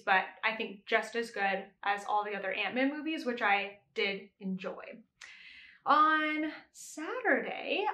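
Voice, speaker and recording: A woman's voice: on the high side, bright, forceful tone, reverberant. A young adult woman hosting a knitting podcast, chatting casually and laughing now and then as she corrects herself. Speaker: podcast host. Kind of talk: casual chat.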